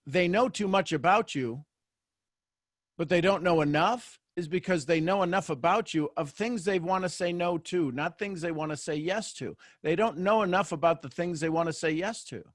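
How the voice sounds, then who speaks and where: A man hosting a motivational live show for an online audience. He is animated and joking and often restarts his sentences. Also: high-pitched, moderate pace, dry recording, studio quality.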